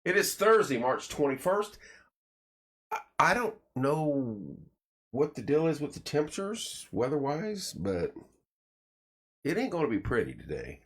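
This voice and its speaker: A folksy man chats through his morning live stream and greets viewers one by one. His pitch swings up and down a lot as he goes, and he mixes jokes with quick sponsor reads. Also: wildly swooping pitch, fairly bright tone. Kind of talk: casual live-stream chat reading viewer comments and sponsor plugs. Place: small home studio room.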